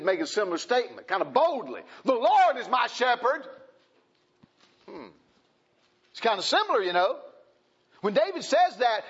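A man preaches with a high, lively voice that rises and falls a lot, folksy and emphatic, circling back on his own words. The recording sounds dull and lo-fi. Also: slightly rough. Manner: folksy, emphatic, repeats phrases. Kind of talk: sermon.

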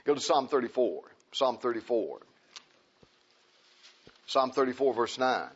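A pastor preaches in a folksy, conversational way, then builds up to emphatic declarations. His voice is a little husky at a middle pitch. The church recording sounds muffled and lo-fi. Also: lively intonation, a little slow. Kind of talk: sermon. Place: church sanctuary.

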